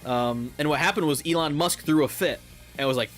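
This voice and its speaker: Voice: medium pitch, a little fast, a bit bright, faint music behind. A gaming YouTuber ranting over gameplay in a heated, profane way, often repeating words.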